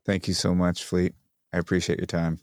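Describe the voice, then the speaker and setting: A man's voice: deep voice, monotone, a little mellow, no echo, clean studio sound. A man hosting a podcast, asking questions politely and thoughtfully, with small restarts. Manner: polite, thoughtful, a little halting. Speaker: podcast host. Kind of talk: interview questions.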